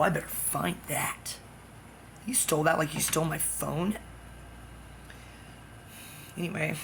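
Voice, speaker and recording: A woman's voice: deep voice, creaky, noisy background. A woman ranting in a rambling personal vlog, agitated and swearing, jumping from one topic to the next. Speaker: vlogger. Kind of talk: rambling personal rant to the camera.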